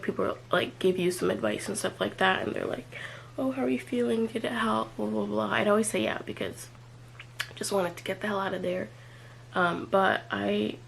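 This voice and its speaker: A young woman talks through a personal confessional vlog, pausing often and stringing her thoughts together with "like". Her voice has a gravelly fry, and a faint hum sits under the recording. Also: medium pitch, low-quality recording. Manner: hesitant, filler-heavy, many "like"s and trailing off. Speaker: vlogger.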